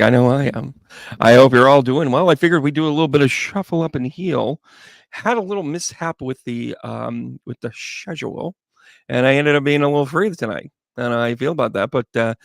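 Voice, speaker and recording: A man's voice: medium pitch, gravelly, no echo, clean studio sound. A man hosting a live tarot reading stream, chatting casually and playfully with viewers and rambling through jokey asides. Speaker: psychic medium and tarot reader, live stream host.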